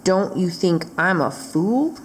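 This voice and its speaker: A woman voicing a big hungry male dragon in a read-aloud storybook, speaking low and slow. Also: expressive, slight background noise. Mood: menacing.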